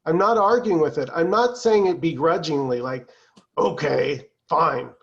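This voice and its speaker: A man leading a spiritual satsang over a video call, in a calm, conversational way with easy laughs. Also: a little high, normal speed, highs cut off. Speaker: satsang teacher.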